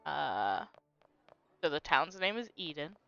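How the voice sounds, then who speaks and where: A woman's voice: sits low, big pitch swings, takes it slowly, creaky, sharp tone. A woman casually commenting on a game playthrough and reading its dialogue aloud in a playful way. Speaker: gaming host. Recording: dull lo-fi with faint game music.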